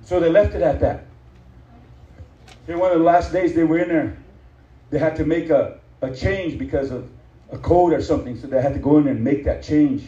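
A male preacher telling a story in a sermon, chatting along, acting out the quotes and building to shouted points. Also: mid-range voice. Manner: conversational, acts out quotes, builds to shouted emphasis. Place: church hall. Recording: echoey hall from far off, dull.

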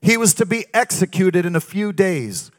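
A man's voice: high voice, animated, moderate pace. A man preaching a sermon in a sing-song cadence, breaking often into exclamations of praise.

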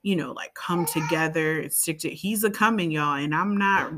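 A woman's voice: low voice, moderate pace, fairly bright tone. A woman co-hosting a podcast in a casual, chatty way, rambling into side tangents and playful asides. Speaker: podcast co-host. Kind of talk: casual chat.

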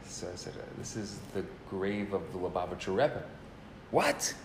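A man teaching and telling a story in a casual way, animated, often repeating words as he starts a sentence. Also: low voice, fairly quick, roomy sound, background noise.

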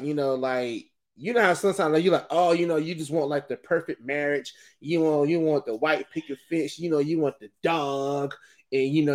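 A middle-aged man hosting a podcast and talking through a rambling, animated, casual monologue, often laughing. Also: on the high side. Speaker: podcast host.

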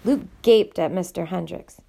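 A woman reading a novel aloud in an expressive, animated way. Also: fairly low pitch, normal speed, gravelly. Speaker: audiobook reader.

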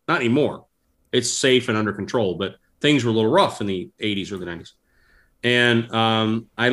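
Laid-back man telling stories. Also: lowish voice. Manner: animated, laughs through stories. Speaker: guest. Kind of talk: casual storytelling.

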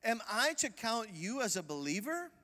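A preacher voicing a stern heavenly voice. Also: male voice, high voice, sing-song, normal speed, sharp tone, long reverb tail, pitched above the performer's own voice, exaggerated voice. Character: solemn voice of God from heaven.

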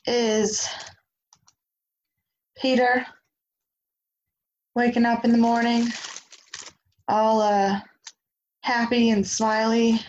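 A woman co-hosting a podcast, casually recapping a TV episode with quick asides. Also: medium pitch, muffled recording. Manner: chatty, quick asides, acts out quotes. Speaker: podcast co-host.

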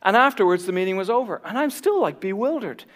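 Irish man preaching, lively swinging pitch, fairly high voice, long hall reverb. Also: fast talker. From Ireland. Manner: animated storytelling with self-deprecating humor. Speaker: pastor. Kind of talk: sermon.

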